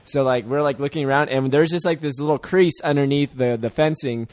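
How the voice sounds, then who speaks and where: A man's voice: a little high, brisk, darkish tone, no echo, studio quality. A young man telling a story in casual chat, laid-back and saying "dude" often.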